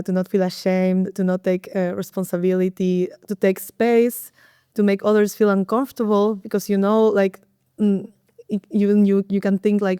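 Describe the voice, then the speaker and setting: A woman speaks as a therapist with a very smooth, mellow voice in an even, steady tone. She explains carefully, pausing on "um" and restarting her phrases, and the recording is dry and close. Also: medium pitch, no room sound. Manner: thoughtful, hesitant, with fillers and restarts. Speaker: sex and couples therapist. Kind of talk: explanatory podcast talk.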